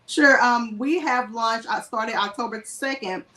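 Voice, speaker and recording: New orleans lady guest on a video call, upbeat, kinda high voice, echoey room w/ music. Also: unhurried, pushed and bright.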